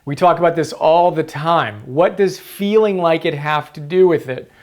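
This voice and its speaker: A man's voice: a little high, moderate pace, a little mellow. A man hosting a motivational book-summary video, earnest and emphatic, repeating key phrases for stress.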